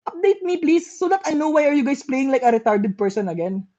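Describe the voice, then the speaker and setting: A woman's voice: high voice, sing-song, a little fast, mellow, lo-fi sound. A young woman calling shots in game voice chat, repeating urgent commands with exasperation. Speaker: shotcaller.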